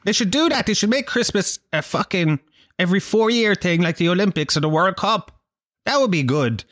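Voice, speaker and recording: A man's voice: high-pitched, expressive, brisk, fairly bright tone, no room sound, studio quality. A man ranting in a casual vlog, sweary and sardonic. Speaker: vlogger. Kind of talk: casual rant to camera.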